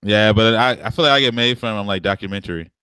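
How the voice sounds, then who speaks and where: Fast and sharp-toned, a low-voiced man co-hosts a podcast, trading slangy stories and laughing often in a relaxed chat. His family hails from the American South. The audio is smooth, without echo.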